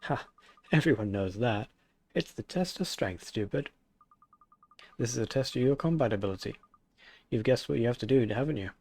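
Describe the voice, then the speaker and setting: A man's voice: mid-range voice, animated, normal speed, creaky, long pauses, darkish tone, slight background noise. A man voicing a smug, mocking game character who taunts the heroes, reading the lines aloud in a sneering way. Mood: taunting.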